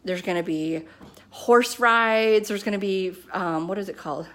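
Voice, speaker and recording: A woman at home, talking to her business team in a casual motivational pep talk, excited and chatty, filling her speech with "like" and "you know.". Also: medium pitch, measured pace. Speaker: network marketing team leader. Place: at home with her kids nearby.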